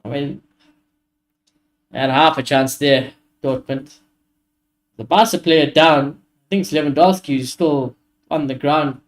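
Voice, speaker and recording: Streaming a live football watchalong, a fired-up man whose voice sits slightly higher than most men's calls the action as it unfolds. He speaks at a measured pace with long pauses, gets excitable and frustrated, swears often and vents to his chat.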